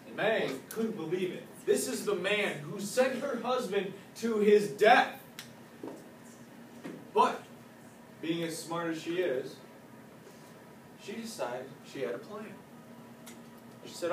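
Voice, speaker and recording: High-voiced playful male storyteller. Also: slow, pauses often. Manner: animated, playful, joking asides. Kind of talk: casual spoken retelling of a legend. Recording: echoey room from a distance, faint noise.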